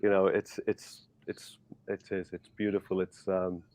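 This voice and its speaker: A middle-aged man from Liverpool with a softened Scouse accent, rambling in casual chat with many restarts. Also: sits low, little pitch movement, unhurried. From Liverpool, England. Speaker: guest.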